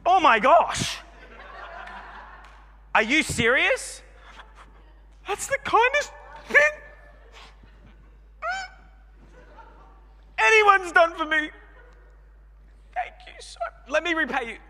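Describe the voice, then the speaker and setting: A man's voice: extremely high pitch, very animated, slow pace, long pauses, bright, forceful tone, pitched above the performer's own voice, full character voice. A man voicing an overjoyed stranger who gushes with breathless gratitude over a free coffee. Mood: gushing.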